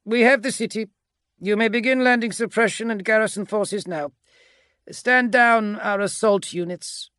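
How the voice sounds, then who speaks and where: A man voicing a giant armored warrior commander who barks orders in a raised, forceful voice for an audiobook. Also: high-pitched, normal speed, clear, resonant tone, no echo, voice pushed up. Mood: brisk. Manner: barking orders.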